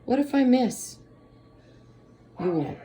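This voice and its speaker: A woman reading a storybook aloud and voicing an eager young boy, pitched up and pleading. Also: expressive, takes it slowly, background noise. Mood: anxious.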